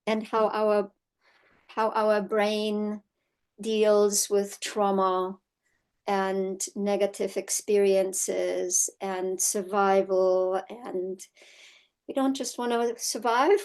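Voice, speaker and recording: A middle-aged woman teaching an online horsemanship course in a casual, storytelling way, often checking in with "right?" and acting out quotes in lively voices. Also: medium pitch, smooth. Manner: chatty storytelling, frequent "right?" tag questions; acts out quotes in animated voices. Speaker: horsemanship instructor.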